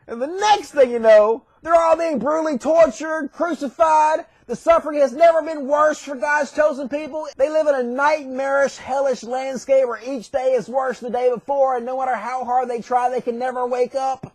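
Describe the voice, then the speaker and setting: Profane sarcastic man, very high voice. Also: fairly even intonation, fairly quick, few pauses, no room sound. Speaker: online commentator. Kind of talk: comedic sarcastic recap.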